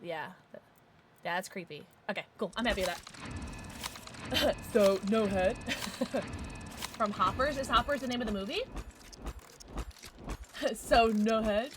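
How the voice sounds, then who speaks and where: A woman streaming a game, chatting casually and excitably with quick exclamations, swearing and laughing often. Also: mid-range voice, a little hiss or hum. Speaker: livestreamer. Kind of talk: casual gameplay commentary.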